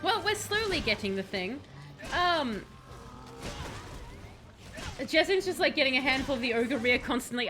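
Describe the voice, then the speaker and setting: Young woman, game streamer, high voice, excitable, joking commentary, soft music behind. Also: moderate pace, long pauses. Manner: excitable, jokey, talks to game companions. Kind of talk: casual live gameplay commentary.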